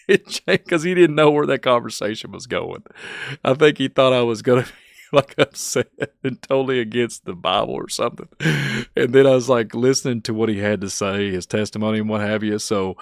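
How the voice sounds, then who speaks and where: A man with a Kentucky accent, hosting his channel and chatting casually, rambling and chuckling often, turning soft and emotional. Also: mid-range voice, clear, resonant tone, no room sound, studio quality. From Kentucky, USA. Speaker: channel host. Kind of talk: casual thank-you vlog chat.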